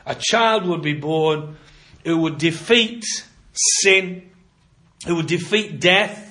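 A man delivering a sermon in a slightly higher-pitched voice. He speaks in a measured, emphatic way. He stretches out the words when he quotes scripture. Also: a bit bright. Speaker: preacher.

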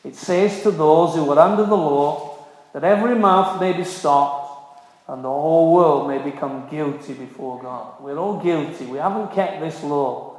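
A man's voice: fairly high pitch, normal speed, darkish tone. A man preaching a sermon, earnest and emphatic, repeating key phrases for stress. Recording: very echoey hall with long reverb.

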